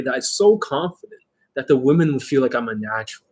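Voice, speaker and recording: A man's voice: medium pitch, lively intonation, quick pace. A man working as a dating coach, talking to the camera in a boastful way and swearing a lot. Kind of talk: profane talk to camera.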